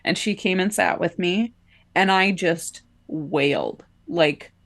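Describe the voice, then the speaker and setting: A woman's voice: fairly low pitch, slow pace, a bit bright. Chatty woman telling a personal story. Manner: chatty, many filler likes, laughs between phrases. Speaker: podcast co-host.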